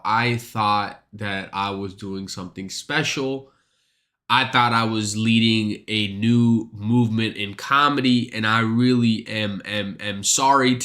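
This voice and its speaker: A man's voice: medium pitch, bright, forceful tone. A man livestreaming while sick with a blocked nose and short of breath, chatting casually in a rambling, profane way and often stammering and repeating himself. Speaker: streamer.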